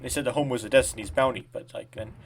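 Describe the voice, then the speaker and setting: A man casually commenting as he plays a game, in a quiet, rambling, low-key way. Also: steady tone, fast talker, creaky, slight background noise. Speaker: gameplay commentator.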